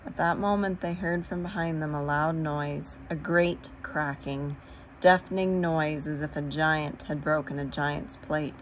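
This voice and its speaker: A woman narrating a children's storybook aloud in a steady, gentle read-aloud manner. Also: low-pitched, unhurried, a little hiss or hum, low-quality recording. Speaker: audiobook reader.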